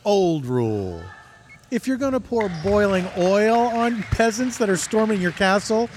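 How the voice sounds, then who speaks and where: A man doing comedic play-by-play at a basketball game, with dry, deadpan jokes, recorded courtside among noisy ambience. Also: sits high, measured pace. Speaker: guest commentator.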